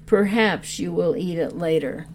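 An earnest little shepherd boy speaks in a hushed, tender way, read aloud by a woman. The tone is low and mellow, and the pace is unhurried. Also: slight background noise. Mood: ashamed, earnest.

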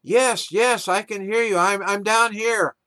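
A man voicing a desperate man hanging from a cliff, pleading and shouting for help. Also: sits high, fairly even intonation, a little slow, voice pushed up.

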